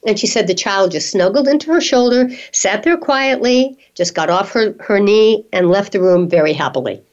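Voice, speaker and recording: A woman hosting a radio interview, introducing her guest and responding with lively enthusiasm. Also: medium pitch, moderate pace. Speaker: radio show host. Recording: dull lo-fi sound.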